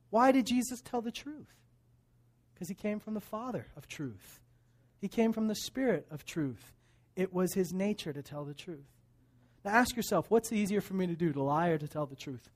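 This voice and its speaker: A man preaching a sermon, animated, swinging between loud emphatic lines and hushed asides. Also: sits high. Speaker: pastor.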